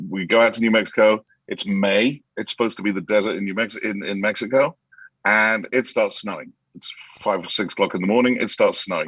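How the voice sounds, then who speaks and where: A man, an actor guest in a casual interview, telling animated anecdotes with many restarts and acting out quotes. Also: fairly low pitch, breathy edge, no echo, low-quality recording.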